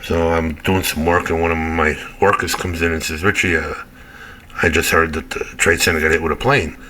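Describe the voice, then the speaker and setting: A man talks in a very low, flat voice with a bright, forceful edge. He recalls his past haltingly, with many fillers. Faint ambience sits behind him. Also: slight background noise. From Brooklyn, New York. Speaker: interview subject in an animated story clip. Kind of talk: personal recollection.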